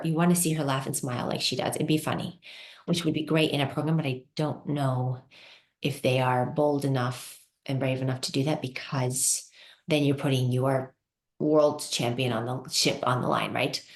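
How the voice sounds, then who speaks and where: Low-voiced woman chatting in a roomy space. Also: a little mellow. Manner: enthusiastic, chatty, frequent fillers. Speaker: guest skating analyst. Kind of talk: casual chat. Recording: roomy echo.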